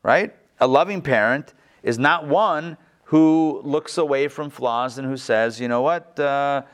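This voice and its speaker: A man's voice: mid-range voice, a little slow. A man teaching a text-based Torah class, earnest, restarting and repeating phrases and stressing key words.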